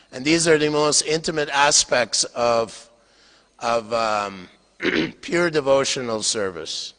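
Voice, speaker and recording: An older man giving a storytelling scripture lecture, halting with fillers, small chuckles and throat clearing. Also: medium pitch, a bit bright. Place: temple hall. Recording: long hall reverb.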